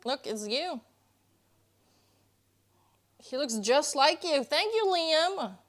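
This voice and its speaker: A woman's voice: sits high, expressive, takes it slowly. Playful young woman chatting on stream. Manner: playful, chatty, reads and answers chat. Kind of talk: casual live-stream chat. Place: indoors at home, kitchen.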